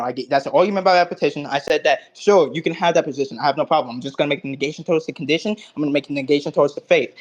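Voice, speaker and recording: A cocky man recaps an online debate, cursing freely and lecturing in logic jargon. His delivery jumps between loud bursts and low mutters.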